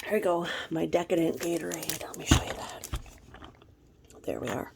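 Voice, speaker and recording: Gravelly, snarky woman vlogger. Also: fairly low pitch, moderate pace, background noise. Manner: snarky, profane, mocking; snacking while talking. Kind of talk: gossip commentary vlog.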